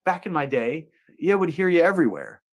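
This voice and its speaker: A man with a fairly high, creaky voice hosts a comedic monologue show, his pitch swooping wildly as he talks a little fast. He jokes around, tossing in playful asides and putting on folksy voices.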